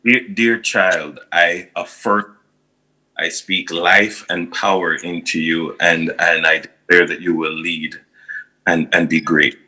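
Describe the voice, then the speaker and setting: A man's voice: low voice, fairly even intonation, slow pace, bright, forceful tone, low-quality recording. A Jamaican father speaking a solemn, declaring blessing over a child. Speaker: podcast guest, father.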